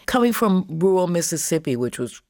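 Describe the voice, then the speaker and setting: Older woman, american southern accent, deep gravelly voice, dry close sound. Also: very animated, brisk, no room sound. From Chicago, United States. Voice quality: warm, smooth, prized voice. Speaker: guest. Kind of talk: interview, casual chat.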